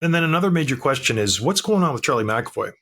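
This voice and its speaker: A man's voice: medium pitch, big pitch swings, quick pace, bright, forceful tone. Fired-up man talking sports. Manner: emphatic, fired-up storytelling. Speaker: podcast co-host. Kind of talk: casual sports chat.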